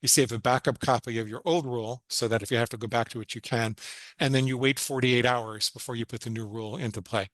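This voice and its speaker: A man's voice: medium pitch, steady tone, fast talker, a bit bright, no room sound, rough recording. A man, a psychologist guest on a podcast interview, explaining techniques step by step in an earnest, instructive way.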